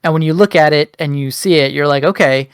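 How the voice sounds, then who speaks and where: A man co-hosting a podcast, making his points in a measured, step-by-step way in casual discussion. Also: on the high side, clear, resonant tone, no echo, clean studio sound. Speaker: podcast co-host.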